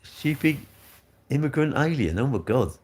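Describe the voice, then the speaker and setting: A very animated, darkish-toned mid-range voice belongs to an older English man hosting a casual stream at a moderate pace. He works through viewer comments with cheeky, blunt banter, dropping "mate" and "innit" as he goes.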